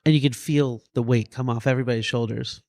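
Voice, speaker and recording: Goofy, animated male storyteller. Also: mid-range voice, fast talker, no room sound. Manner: animated, goofy storyteller who acts out quotes. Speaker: paramedic and EMS physician guest. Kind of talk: storytelling in a podcast interview.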